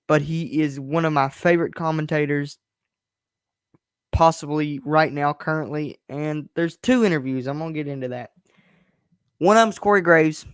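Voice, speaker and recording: A man's voice: a little high, steady tone, normal speed, clear, resonant tone, dry recording, studio quality. A young man hosting his own podcast stream from his bedroom, talking in a candid, rambling and frustrated way. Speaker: podcast host. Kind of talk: casual solo stream rant.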